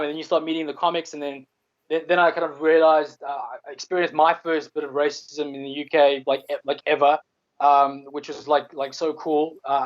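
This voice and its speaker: A man with a South African accent talks in a loose, rambling way, circling back and restarting his sentences and swearing now and then. His voice sits a little high for a man. The audio is dull and lo-fi. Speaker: comedian guest. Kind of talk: casual chat.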